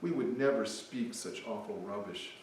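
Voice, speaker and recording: Man reading a stern, indignant Dutch figure, mid-pitched, very echoey and distant. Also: moderate pace, a little mellow, a little hiss or hum, close to an everyday voice. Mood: scolding. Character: indignant Dutch citizen berating liars. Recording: echoey hall, mic from afar.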